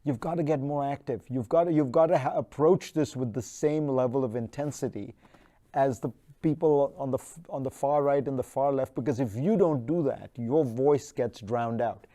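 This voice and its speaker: Mellow-voiced man answering thoughtfully. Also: medium pitch. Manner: measured, thoughtful, with restarts and fillers. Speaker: featured speaker. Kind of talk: live online town hall answers.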